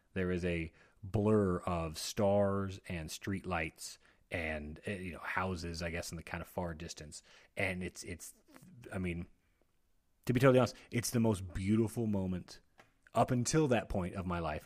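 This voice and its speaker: Casting: low-voiced American man, casual rambling storyteller, chatty and self-interrupting. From United States.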